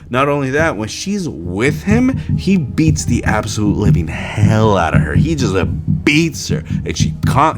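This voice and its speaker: Animated ranting podcast man. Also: mid-range voice. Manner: exasperated, incredulous rhetorical questions. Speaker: podcast host. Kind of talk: casual commentary rant. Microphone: studio mic with pop filter.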